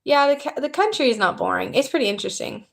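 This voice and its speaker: A woman's voice: high voice, animated, fast, gravelly, a bit bright. Chatty Southern young woman streaming. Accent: Southern American. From Southern United States. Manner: chatty and upbeat, reading out viewer comments and thanking new subscribers. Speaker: YouTuber hosting a livestream. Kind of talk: casual livestream chat.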